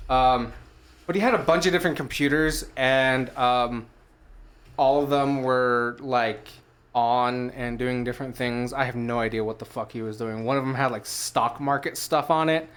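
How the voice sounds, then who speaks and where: A man's voice: medium pitch, steady tone, normal speed, a bit bright. A man co-hosting a casual podcast, telling a long rambling story with plenty of fillers and casual swearing. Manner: rambling storyteller, loose and profane. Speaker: podcast co-host. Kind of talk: casual chat.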